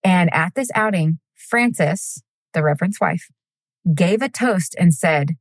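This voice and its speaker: A woman's voice: on the low side, lively intonation, takes it slowly, dry recording. A woman co-hosting a podcast, telling a true crime story in a chatty, giggly way, with casual swearing and tangents. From United States.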